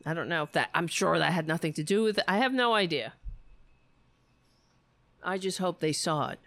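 A woman's voice: lowish voice, expressive, moderate pace, fairly bright tone. A woman hosting a political livestream, ranting casually with profanity and sarcasm.

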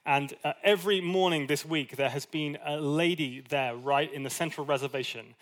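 A man preaching a sermon in a conversational, animated way, with asides and little acted quotes. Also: on the high side, moderate pace. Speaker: pastor.

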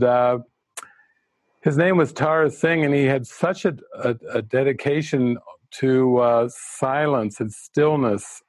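A man's voice: medium pitch, a little mellow, no echo. A man giving a spiritual teaching talk as a retreat leader, earnest and searching, often restarting his sentences. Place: studio.

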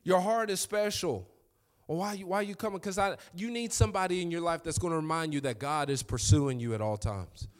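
A man preaching a sermon as pastor, swinging from quiet asides into loud, high, excited preaching. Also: brisk. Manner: animated, rising to high excited pitch when preaching.

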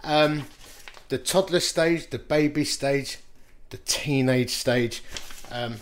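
Speaking in a mid-range voice, a man in his fifties preaches quickly as a pastor, telling stories at his own expense and chuckling along the way.

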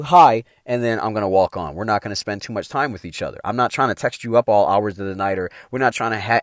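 Animated middle-aged man giving a pep talk. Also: lowish voice, dry recording, studio quality. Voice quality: emphatic, slangy, swears freely. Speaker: motivational speaker. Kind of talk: motivational talk.

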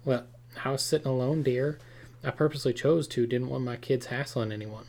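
A man voicing a friendly woman who speaks in a slow southern drawl and calls people "dear.". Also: medium pitch, creaky. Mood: gentle, puzzled. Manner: unhurried, gentle drawl.

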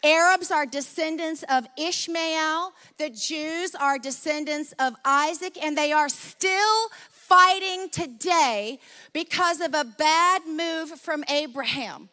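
High, bright woman preacher telling stories. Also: takes it slowly. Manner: lively storytelling, conversational. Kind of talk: sermon.

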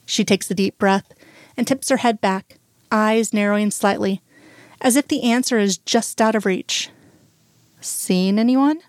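Brief: female audiobook narrator, mid pitch, dry close mic, unhurried. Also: fairly even intonation, no echo.

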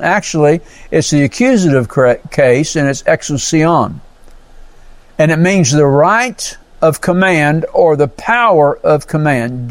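A male pastor with a slightly high voice preaches a sermon with no echo. He teaches the Bible verse by verse, explains Greek words, and frequently offers amens and praises.

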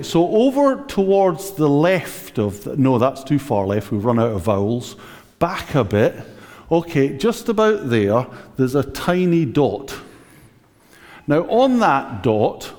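Guy preaching, slow and chatty with the congregation, pitch all over the place, big church echo. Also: a little mellow. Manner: conversational, using a prop, talking directly to the congregation. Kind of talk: sermon. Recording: echoey church hall.

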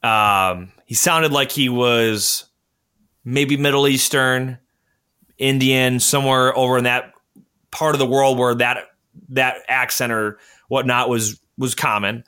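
A man with a bright, forceful tone talks casually, full of fillers and quick asides. He slips into little acted phone exchanges as he explains things, keeping an easygoing, conversational flow. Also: medium pitch, steady tone, clean tone. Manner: chatty, lots of fillers, acts out phone calls. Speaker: podcast host. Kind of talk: casual conversational advice talk.

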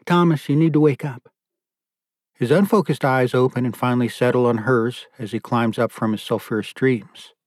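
An audiobook narrator delivers scripted narration in a calm, measured male voice of mid-range pitch. The recording is clean studio sound with no echo.

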